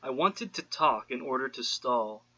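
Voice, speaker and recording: A man narrating a book, measured and steady, lifting his voice for quoted lines. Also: medium pitch, muffled recording. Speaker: audiobook narrator. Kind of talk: scripted narration.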